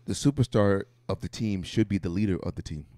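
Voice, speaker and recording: A man's voice: lowish voice, fairly quick, dry recording. A man co-hosting a casual podcast, firmly insisting on his view and refusing to budge. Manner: firm, insistent, flatly disagrees. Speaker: podcast co-host. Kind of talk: casual chat.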